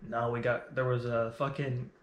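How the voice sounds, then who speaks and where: A man's voice: mid-range voice, little pitch movement, normal speed, reverberant, highs cut off. A young man, co-hosting a podcast and telling stories in casual, profane chat. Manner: storytelling, swears casually. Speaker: podcast co-host.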